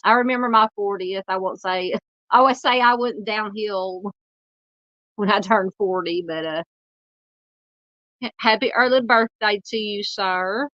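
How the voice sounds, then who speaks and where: A woman in her forties with a Southern US accent, hosting a true crime livestream and chatting loosely with viewers, halting and full of fillers. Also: medium pitch, a bit bright, no room sound, muffled recording. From United States. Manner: rambling, halting, lots of fillers while searching the screen. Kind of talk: casual livestream chat reading comments.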